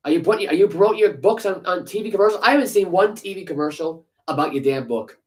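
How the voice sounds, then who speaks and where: Fast-talking and high-pitched with lively intonation, a male sports podcast co-host delivers a heated, casual rant. He swears and throws out sarcastic rhetorical questions, and the recording is rough.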